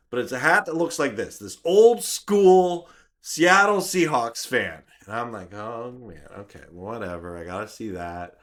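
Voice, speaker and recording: A man with a YouTube channel, telling a personal story in an animated, self-mocking way. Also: mid-range voice. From Canada. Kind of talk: vlog storytelling.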